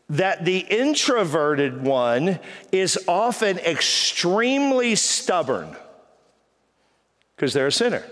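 Joking middle-aged pastor in a reverberant hall. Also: male voice, high voice, fairly bright tone. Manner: joking, self-deprecating storyteller with quick asides. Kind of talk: sermon. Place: church auditorium.

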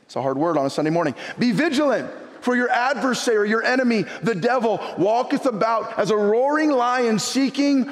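A middle-aged man preaching a sermon and telling a personal story in an animated way, often repeating his words. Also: extremely high pitch, a little fast, in a large hall. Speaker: pastor. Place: church sanctuary.

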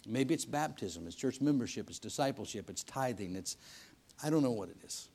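A man preaching a sermon in a church service, telling stories in a folksy way, swinging between loud emphasis and hushed lines. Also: mid-range voice, lively intonation, brisk. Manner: folksy storytelling with repetitions and restarts.

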